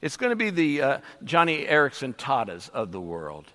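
A man's voice: medium pitch, huge pitch swings, normal speed, sharp tone, big-room sound. A middle-aged man preaching a sermon emphatically, with many hesitant fillers. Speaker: pastor. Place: church sanctuary.

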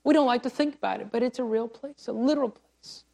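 A man's voice: very high voice, fast, vocal fry. Impassioned preacher man. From United States. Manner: impassioned, rising to pleading cries and dropping to quiet. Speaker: missionary preacher. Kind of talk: sermon.

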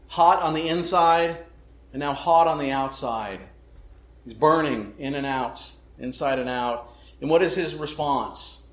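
Emphatic preacher with a roomy echo. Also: male voice, medium pitch. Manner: emphatic, asks rhetorical questions. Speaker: pastor. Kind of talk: sermon.

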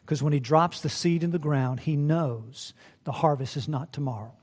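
A male pastor with a high-pitched voice delivers a sermon. He swings between loud, emphatic climaxes and soft, low asides, often asking his listeners "right?". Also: moderate pace. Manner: addresses listeners as beloved, asks rhetorical "right?".

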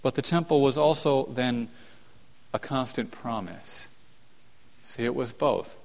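A man preaching a sermon as a pastor, earnest, rising to emphatic peaks and falling to hushed tones. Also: medium pitch, measured pace. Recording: long hall reverb.

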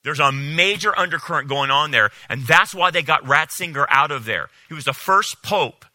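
A man preaching a sermon as a pastor, animated and incredulous, often mocking what others say. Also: a little high, normal speed, dry recording.

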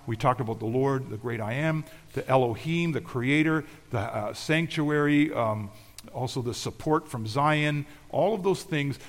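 Man, pastor, emphatic sermon, slightly high voice, long hall reverb. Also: measured pace. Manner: emphatic preaching, swings between loud declarations and quiet asides.

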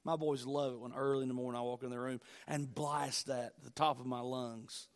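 A man preaching a sermon, repeating key phrases and moving between loud declarations and hushed, low lines. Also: level tone, a little fast. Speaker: pastor.

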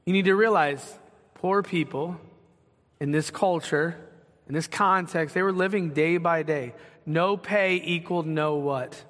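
A man's voice: fairly high pitch, unhurried, fairly bright tone. A man preaching a sermon in an emphatic way, asking rhetorical questions. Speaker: pastor. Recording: long hall reverb.

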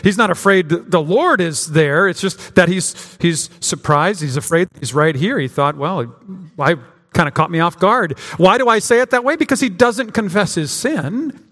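Pastor preaching in a reverberant hall. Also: male voice, high-pitched, expressive, normal speed, few pauses, fairly bright tone. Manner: conversational preaching with frequent restarts and acted-out quotes. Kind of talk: sermon.

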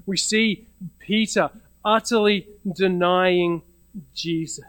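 High-voiced male preacher, dry sound. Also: steady tone, slow pace, fairly bright tone, clear, resonant tone, no room sound, poor audio. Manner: conversational storytelling with frequent restarts. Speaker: pastor. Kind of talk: sermon.

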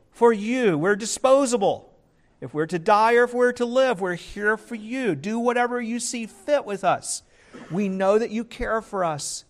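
A man preaching a sermon in an earnest way, often restarting and repeating words. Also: high-pitched.

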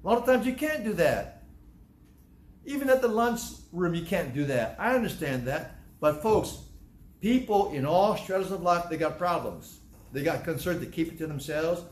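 A male pastor delivering a sermon, conversational but breaking into loud emphatic bursts. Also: on the high side, expressive, normal speed. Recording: echoey room.

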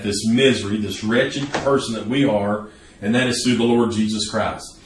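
A man's voice: medium pitch, reverberant, far from the mic, slight background noise. A man preaching a sermon earnestly, building to emphatic peaks. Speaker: pastor.

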